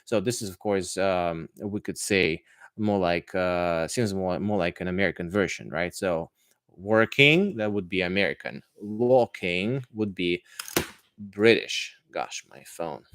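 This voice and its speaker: A man with a fairly low voice talks through viewer questions on a live-streamed language podcast. He is an English teacher and speaks in a chatty, halting way, with plenty of fillers and false starts. The sound is dry and close. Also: clear, resonant tone, no echo. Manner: chatty, hesitant, many fillers and restarts.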